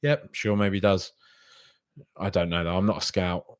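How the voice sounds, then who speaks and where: Guy chatting on his podcast, kinda low voice, dry close sound, rambles and repeats himself. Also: fairly even intonation, a little slow, smooth, no room sound. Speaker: podcast host reading listener comments. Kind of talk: casual live-stream chat.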